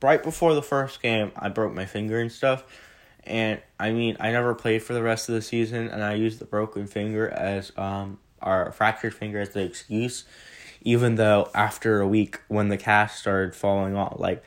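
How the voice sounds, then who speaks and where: A man's voice: lowish voice, steady tone, moderate pace. Rambling young man on a phone mic. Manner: rambling, self-correcting, chatty. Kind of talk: casual vlog Q&A.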